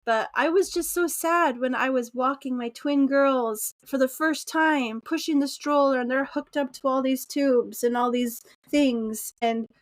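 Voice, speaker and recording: A woman from Utah talks through a podcast interview in a high, light voice. She is chatty and laughs often. The sound is dry, with no room around her. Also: measured pace, hardly any pauses, no echo. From Utah, USA. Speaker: podcast guest. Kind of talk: casual interview conversation.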